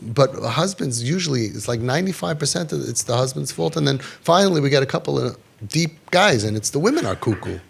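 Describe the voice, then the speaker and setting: A man delivers an impassioned talk on parenting to an audience, his voice gravelly with fry. He repeats phrases for emphasis, sinks into low, heavy tones to make a point, and mixes Yiddish and Hebrew words into his talk. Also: animated, fairly quick, a little hiss or hum. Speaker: parenting speaker.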